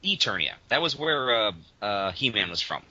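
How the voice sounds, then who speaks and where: A man's voice: lowish voice, very animated, normal speed, pushed and bright, no room sound. Male podcast co-host, exasperated ranter, lo-fi dull audio. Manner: exasperated, ranting storyteller. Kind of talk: casual comedic chat.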